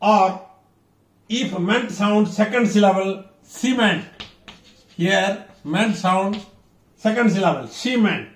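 A high-voiced man with an Odia accent teaches a lesson, spacing his words out and saying each example twice. He sounds some distance from the mic, in a room that echoes. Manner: slow, deliberate, repeats words. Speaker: English teacher. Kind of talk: classroom lesson.

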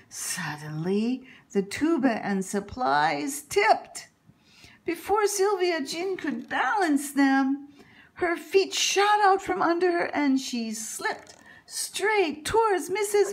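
A woman reading a children's picture book aloud in an expressive, animated storytelling manner. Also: extremely high pitch, slow. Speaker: reader.

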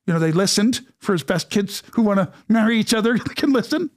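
A middle-aged man telling a story as an interview guest, animated and acting out the voices of the people in it. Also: high voice, moderate pace, no echo, clean studio sound. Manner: animated, acts out quoted dialogue.

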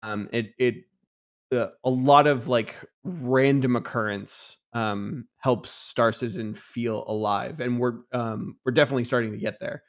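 Halting, enthusiastic man on a podcast. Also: mid-range voice, steady tone. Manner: halting, enthusiastic, full of fillers. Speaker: game developer guest. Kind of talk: casual podcast chat.

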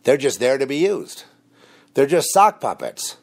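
A man hosting a rambling, combative monologue, dropping low and quiet when he confides. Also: sing-song, a little slow. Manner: rambling and combative, mocking laughs. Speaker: host. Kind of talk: spoken monologue on religion and conspiracy.

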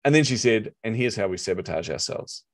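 A middle-aged man with a New Zealand accent, an interview guest telling animated stories and acting out quotes. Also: lowish voice, a little fast. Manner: animated storyteller, acts out quotes. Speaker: guest, marketing coach. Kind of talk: storytelling interview chat.

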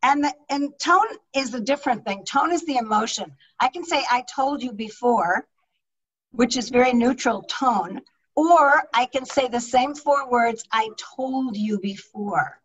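A middle-aged woman, a public speaking coach, teaching an online leadership talk with energetic, emphatic delivery over a video call microphone. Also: high voice, a little slow, recorded from a distance, highs cut off.

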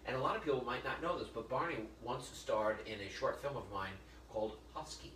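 A man hosting a casual cooking show, joking and telling stories in a chatty, animated way. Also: mid-range voice, brisk, a little hiss or hum. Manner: chatty, jokey, animated storyteller. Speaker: host of a live cooking show. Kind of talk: casual storytelling chat. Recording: echoey room, mic at a distance.

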